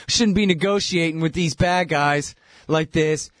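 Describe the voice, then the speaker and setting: A male talk host in a sarcastic political monologue, lively and exasperated. His voice sits a little high. The sound is dry and close, with no room echo. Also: unhurried. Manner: sarcastic, mocking impressions of others; animated, rising pitch when exasperated. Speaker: radio host.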